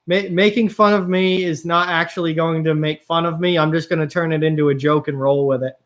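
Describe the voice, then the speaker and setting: A man's voice: fairly high pitch, fairly even intonation, a little fast. A young man hosting a live hockey reaction stream, reading viewer comments aloud and talking frustratedly about his bad game predictions. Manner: chatty, reads and answers viewer comments, frustrated about picks.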